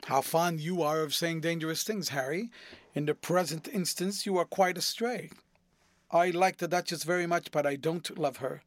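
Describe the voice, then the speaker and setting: A man voicing an anxious, brooding young gentleman in an audiobook reading, speaking in an earnest, hesitant way. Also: a little high, moderate pace, no echo, close to an everyday voice. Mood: troubled.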